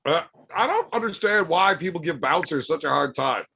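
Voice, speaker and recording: In a relaxed podcast chat, a man tells rough, profane stories at a moderate pace, his slightly high voice carrying a gravelly fry. He's animated, slipping into the voices of the people he describes.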